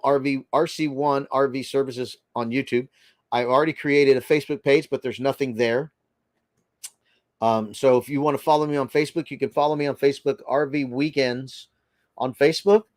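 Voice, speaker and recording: A man with a mid-range voice, recorded with no echo, hosts a casual live stream. He's from the Boston area, has a slight Boston accent, greets viewers by name, and talks in a rambling way packed with fillers.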